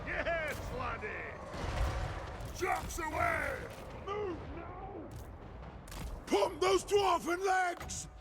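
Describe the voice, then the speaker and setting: Actors playing gruff dwarf soldiers in a video game, shouting battle cries and orders. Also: male voice, very high voice, animated, extremely slow, pauses often, very noisy, full character voice. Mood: battle fury. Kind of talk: video game unit voice lines.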